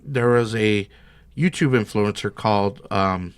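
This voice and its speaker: A man's voice: fairly low pitch, unhurried, clear, resonant tone, no room sound. A man, a guest on a podcast, telling his business story in an easygoing, casual way. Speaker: guest, bag maker. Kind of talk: casual interview chat.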